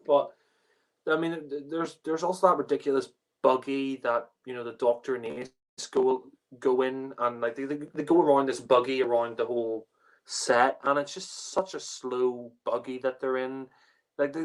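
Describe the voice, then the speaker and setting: A man's voice: mid-range voice, poor audio. Rambling man giving a casual review. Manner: rambling, many fillers and restarts. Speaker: podcast panelist reviewing a TV story.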